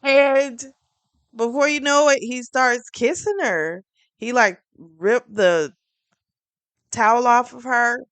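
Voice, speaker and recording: A woman reviewing a book series, retelling the plot in a chatty, animated way with plenty of fillers. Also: a little high, slow pace, dry recording.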